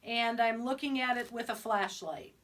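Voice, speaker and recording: Brief: woman, middle-aged, chatty co-host, lively storyteller. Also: a little high, normal speed. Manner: animated, vivid retelling. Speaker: podcast co-host. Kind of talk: casual storytelling.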